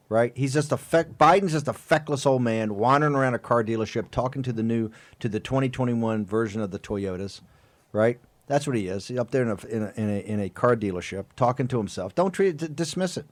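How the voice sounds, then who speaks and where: Male talk-radio host, fiery and emphatic, fires off rhetorical questions, mid-pitched voice. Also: expressive, brisk, no room sound.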